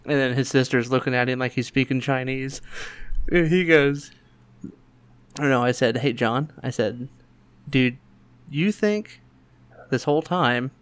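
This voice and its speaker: Animated storytelling man. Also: measured pace, long pauses, clear, resonant tone. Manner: animated, acts out quotes in higher voices, laughs often. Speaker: podcast host. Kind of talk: casual storytelling chat.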